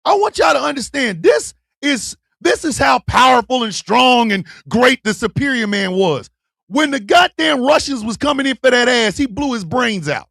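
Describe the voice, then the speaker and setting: Loud profane male stream host. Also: very high-pitched, gravelly, slightly rough, no echo, clean studio sound. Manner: loud, profane, shouting and laughing, swings from yelling to muttering. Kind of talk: profane live-stream rant.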